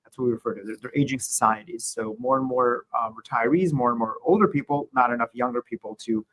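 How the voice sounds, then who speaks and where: A male interview guest explains economics in a measured, conversational manner, occasionally restarting his sentences. His mid-range voice is a bit bright. The recording quality is rough.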